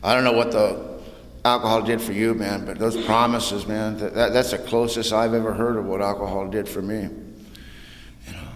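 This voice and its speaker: Speaking on the low side with little pitch movement and a moderate pace, this AA speaker from California recounts his personal recovery in a folksy, storytelling manner. He keeps dropping "man" and "you know," and the hall echoes with faint background noise.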